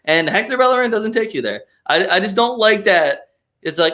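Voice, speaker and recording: On a loose live soccer stream, a young podcast host rants with heavy swearing and strong opinions, often slipping into mocking impressions of others. His bright, edgy voice sits a little high, and he's very animated, speaking a little fast.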